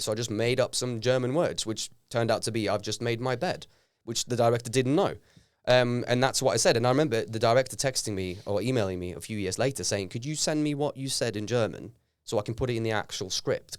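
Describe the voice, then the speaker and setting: A man's voice: medium pitch, fast, clean tone, no echo, studio quality. A young adult man from Norway, whose first language is Norwegian, speaking as a guest actor in a casual podcast interview and acting out quotes as he tells stories. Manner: animated storyteller, acts out quotes.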